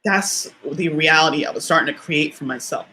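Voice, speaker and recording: With a deep, bright, forceful voice moving a little fast, this motivational speaker opens up about her own life on a livestream, talking right to her audience. She's close to crying but laughs through it, with slight background noise behind her.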